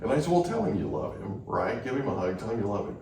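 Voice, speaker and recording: A man's voice: lowish voice, big pitch swings, quick pace, very echoey, far from the mic, over music, low-quality recording. A male podcast host telling anecdotes in a casual chat, often checking in with the listener by asking "right?".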